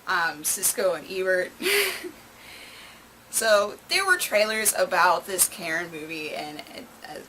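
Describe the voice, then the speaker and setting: Bright-voiced chatty woman reviewer. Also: lowish voice, animated, unhurried, slight background noise, low-quality recording. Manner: sarcastic, chatty. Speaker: movie reviewer. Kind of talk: casual video review.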